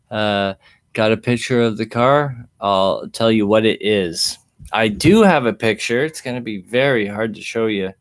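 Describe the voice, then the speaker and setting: A man chatting casually on a livestream, rambling and easygoing as he reads the chat, recorded through a webcam mic indoors. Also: fairly low pitch. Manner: rambling and easygoing, chuckles often.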